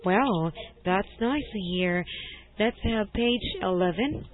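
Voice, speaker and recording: A woman leads a one-to-one English lesson, gently correcting her student and laughing easily. She talks at an unhurried pace, and the thin, tinny call audio sounds like a phone line. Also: medium pitch. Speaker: English tutor. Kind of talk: online one-to-one language lesson. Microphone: video call.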